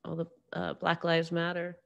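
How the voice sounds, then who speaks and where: Young woman podcast host, kinda low gravelly voice, rambling and self-deprecating, keeps restarting sentences. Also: completely flat delivery, moderate pace, muffled recording. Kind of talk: casual solo monologue.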